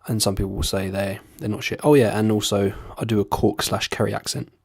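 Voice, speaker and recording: A man's voice: fairly low pitch, flat delivery, fairly quick, husky, dry recording, clean studio sound. A young man chatting casually to camera in a rambling, sweary, self-deprecating way. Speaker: vlogger doing accents.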